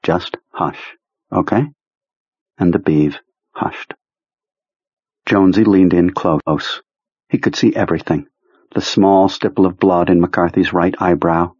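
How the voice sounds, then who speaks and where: A man narrating an audiobook in a measured, low-key storytelling manner. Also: darkish tone, breathy edge, dry recording. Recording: dry, slightly muffled recording.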